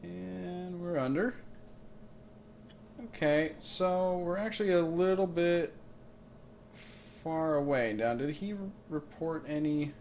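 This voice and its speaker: Man hosting a let's play, slightly high voice, jokey rambling commentary, faint background noise. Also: takes it slowly, vocal fry, pauses often, darkish tone. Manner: joking, rambling asides. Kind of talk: casual gameplay commentary. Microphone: makeshift mic setup.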